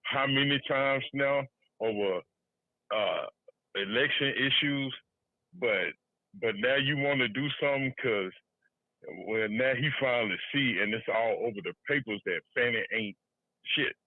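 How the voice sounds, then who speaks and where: A man co-hosting a podcast, chatting casually about politics with loose, halting restarts and laughs. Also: medium pitch, no room sound. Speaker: podcast co-host. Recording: tinny phone-line audio.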